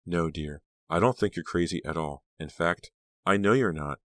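A sinister middle-aged woman, calm and menacing, who talks softly and steadily, played by a man. The voice stays low, with dry, close sound. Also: moderate pace, no echo, lightly acted. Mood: coldly calm. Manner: soft, steady, coldly insistent.

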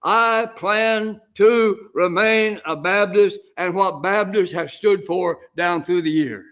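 Older male pastor, high-pitched, unhurried, homey preaching style with drawn-out emphatic lines. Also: a bit bright. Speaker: senior pastor. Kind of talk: sermon.

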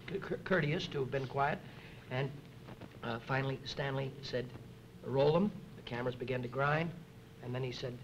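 Rambling man on a noisy 1960s tape. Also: mid-range voice. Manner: halting with many fillers, acts out others' lines. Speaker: film actor at a press interview. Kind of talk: rambling anecdotal chat. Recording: noisy 1960s archive recording.

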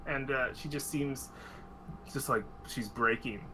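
A man's voice: medium pitch, a little slow, background noise. A young man narrating a tabletop game as dungeon master in a casual, rambling way.

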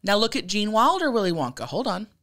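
A woman co-hosts a podcast in loose, casual chat, blunt and brash in what she says. Her voice swoops up and down with lively intonation at a middle pitch. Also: fast talker. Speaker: podcast co-host.

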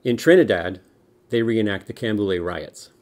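A lower-pitched middle-aged man from the United States teaches kids a history lesson. He talks in a lively, explaining way and slips in small jokes. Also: moderate pace, background noise. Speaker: music teacher.

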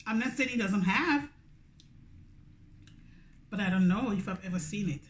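A woman's voice: medium pitch, expressive, moderate pace, slight background noise. A woman with a Grenadian accent, a food vlogger chatting casually between bites. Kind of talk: casual eating vlog chat.

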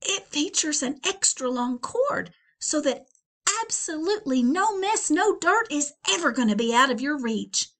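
A woman's voice: unhurried, exaggerated voice. A woman voicing an eager middle-aged man who brags about a new vacuum cleaner, in a storybook read-aloud. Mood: boastful. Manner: excited, boastful sales pitch.

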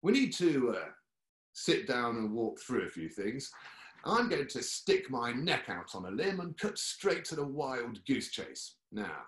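A man's voice: medium pitch, big pitch swings, measured pace, a bit bright. Detective Inspector Ray, a man doing a pompous, dim British copper. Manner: pompous, officious, garbles idioms. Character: pompous, clueless male police detective inspector. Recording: echoey room.

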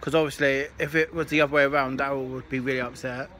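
Flat-voiced indignant English man. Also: medium pitch, quick pace. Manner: indignant, lecturing. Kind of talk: casual chat. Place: outdoor railway station platform. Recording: noisy urban station ambience.

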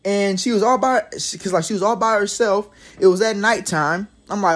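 A man's voice: high voice, brisk, a bit bright. A young man telling a storytime tale in a casual, profane, rambling way, with frequent restarts and laughter. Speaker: vlogger.

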